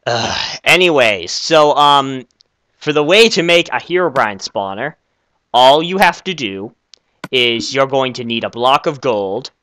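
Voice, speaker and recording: A young man hosting a comedic game skit, excitable and easily flustered, stammering often. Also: medium pitch, a little slow, dry recording. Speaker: video creator.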